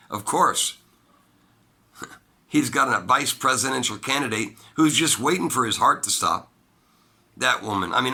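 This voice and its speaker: A man talking alone into the mic, giving a political opinion monologue in an emphatic way, jumping from loud high bursts to low quiet asides. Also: creaky. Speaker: political commentator.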